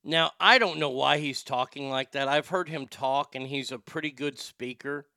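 A man's voice: medium pitch, moderate pace, sharp tone, no echo, studio quality. A man giving loose, rambling commentary on a clip, with sighs and the odd curse. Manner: rambling, sighing, swearing. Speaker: streamer reacting to clips. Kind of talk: casual commentary.

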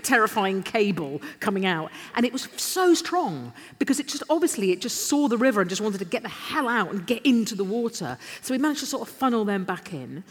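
A middle-aged woman, telling lively, self-deprecating anecdotes as a guest on a festival stage. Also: on the high side. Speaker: interview guest. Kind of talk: live on-stage storytelling. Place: stage in a large literature festival hall. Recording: live hall with long reverb.

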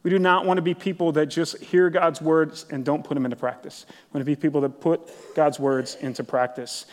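Middle-aged male pastor, high-pitched, chatty and excitable preaching in a church with lingering echo. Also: brisk. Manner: casual, enthusiastic, many "like" fillers. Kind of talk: sermon. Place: church sanctuary. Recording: long church hall reverb.

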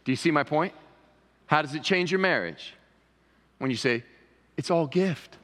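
A man's voice: a little high, expressive, normal speed, sharp tone. A man preaching a conversational sermon as pastor, rising to emphatic pleading. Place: church sanctuary. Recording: long reverb of a church sanctuary.

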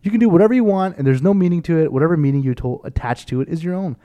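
A young man co-hosting a podcast, chatting casually and telling stories in an animated way, swearing freely. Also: a little high, racing. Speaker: podcast co-host.

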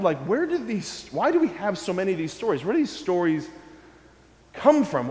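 Man, priest, children's homily, animated, asks questions, repeats key phrases, fairly high voice, echoey church hall.

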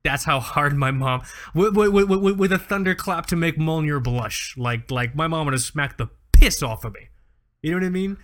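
A man's voice: on the high side, moderate pace. A man in his thirties co-hosting a podcast, telling exaggerated, profane stories in a casual comedic chat. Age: 30s. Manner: animated storytelling, profane, exaggerated. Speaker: podcast co-host.

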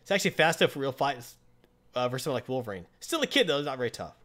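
A man chatting casually as a podcast host, recapping a comic book in an animated way with frequent fillers. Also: mid-range voice, rapid-fire.

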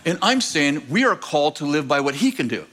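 A man preaching with a high, bright, ringing voice. He tells stories with lots of animation, speaks straight to the congregation and acts out the voices in his stories. At his peaks he turns emphatic and close to shouting. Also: brisk. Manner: animated storytelling, rising to emphatic near-shouting; acts out quoted voices and addresses the congregation directly. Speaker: pastor. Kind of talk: sermon.

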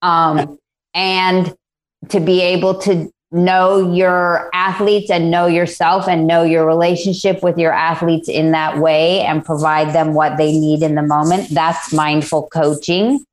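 A woman working as a mindfulness coach, explaining her ideas in a calm, measured way during an interview. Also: on the low side.

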